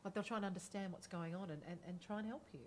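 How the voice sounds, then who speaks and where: A woman playing a supportive friend in a role-play, speaking gently and patiently to reassure him. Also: on the low side, fairly even intonation, rapid-fire, a little hiss or hum, lightly acted. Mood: calm. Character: calm supportive friend talking someone down.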